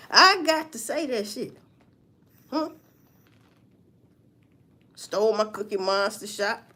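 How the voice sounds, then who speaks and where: A woman's voice: on the high side, normal speed. Woman on a livestream in aave, cussing and gossiping, voice jumping all over the place. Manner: profane, animated gossip with mocking asides. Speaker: livestream host. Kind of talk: casual livestream commentary.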